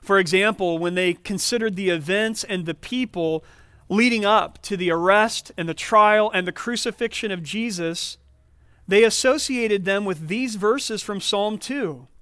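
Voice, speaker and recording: A man preaching a sermon as a pastor, explaining scripture in a measured, teaching manner. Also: high voice, a bit bright, smooth, dry recording, studio quality.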